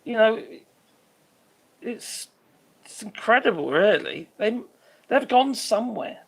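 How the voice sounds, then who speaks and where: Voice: medium pitch, expressive, slow, gravelly, husky. A live stream host giving rambling commentary, swearing freely and trailing off while hunting for names.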